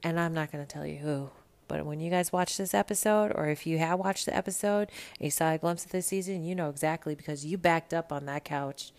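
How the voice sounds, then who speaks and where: Low gravelly-voiced woman recapping reality TV. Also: a little fast, darkish tone. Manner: blunt, gossipy, swears freely. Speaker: podcast host. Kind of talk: casual reality TV recap monologue.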